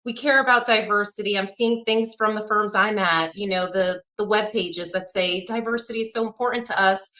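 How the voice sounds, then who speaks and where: Woman lawyer, summit talk, bright tense voice, direct, energetic. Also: medium pitch, normal speed, few pauses. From Texas, USA. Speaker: lawyer, speaker.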